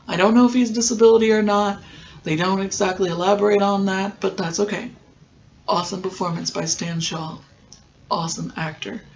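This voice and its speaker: A podcast host talks through a TV episode in a loose, casual recap, stopping often for filler ums. The pitch sits in a middle range. The recording is a little dull, with a faint hiss behind it. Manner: rambling, many filler ums.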